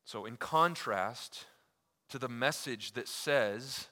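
A male pastor delivers a sermon with a bright, forceful voice that carries through a big echoing sanctuary. He pushes hard on key phrases, then drops nearly to a hush, and slips into loose, chatty asides. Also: mid-range voice, slow pace. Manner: emphatic preaching with wide swings in loudness, dropping to near-quiet for key lines; casual asides with fillers like "like" and "you know".

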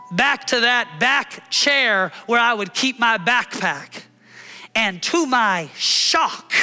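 Man, 30s, pastor, sermon storytelling, very bright voice, reverberant hall. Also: high voice. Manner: animated, acts out his own shouting in the story.

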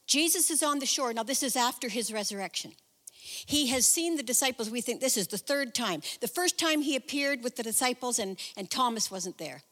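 A woman preacher retells a Bible story in a lively, conversational sermon full of her own asides. Her voice sits a little high, and the long reverb of a large hall trails after every phrase. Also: fairly quick. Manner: chatty, animated retelling with personal asides.

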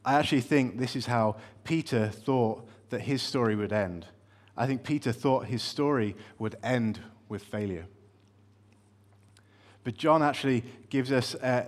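A man delivers a sermon in a relaxed, conversational tone. His voice sits at a middling pitch. He tells the story with dry humor, stumbling and restarting now and then. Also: measured pace. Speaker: preacher.

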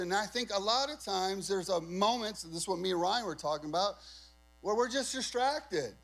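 A man with a fairly high voice preaches a sermon in a relaxed, conversational way. He stresses his key points and keeps throwing questions out to the congregation. A faint mains hum runs under the recording. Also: brisk, poor audio. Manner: conversational, emphatic, asks the crowd questions. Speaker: pastor.

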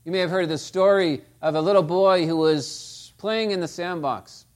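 A man's voice: sits high, normal speed, a little mellow. A man preaching a sermon, telling stories and asking the listeners rhetorical tag questions. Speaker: pastor.

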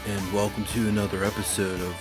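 A man's voice: lowish voice, little pitch movement, quick pace. A man hosting a casual music podcast chat, rambling with lots of "like" and "you know". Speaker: podcast host.

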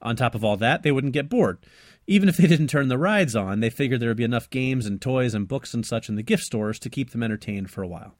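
A man's voice: mid-range voice, animated, quick pace, dry recording, studio quality. A man co-hosting a casual movie podcast, recapping plots with enthusiasm. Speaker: podcast co-host.

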